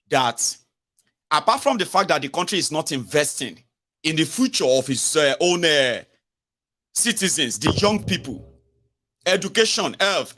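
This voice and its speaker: A man's voice: on the high side, sharp tone. A man with a Nigerian accent giving a mocking, emphatic political commentary, switching between Pidgin and English.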